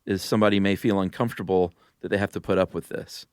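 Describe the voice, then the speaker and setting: Guy with a low smooth voice, laid back podcast chat, dry close mic. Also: fairly even intonation, a little mellow, no room sound. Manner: easygoing, quick to laugh. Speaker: podcast co-host. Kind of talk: casual chat.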